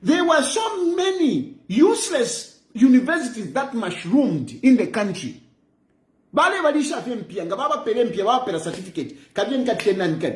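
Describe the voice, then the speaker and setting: Man with a Zambian accent, very high voice, lively swooping pitch, scolding monologue, echoey room. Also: moderate pace. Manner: lecturing, mocking, repeats phrases for emphasis. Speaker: political commentator. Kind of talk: impassioned monologue.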